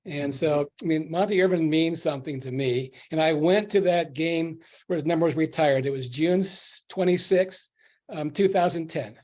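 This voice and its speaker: A man's voice: on the high side, moderate pace, darkish tone. A man from the audience, earnestly thanking the speakers and sharing a memory. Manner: earnest, grateful, reminiscing. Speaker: audience member. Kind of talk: casual comment in a video session.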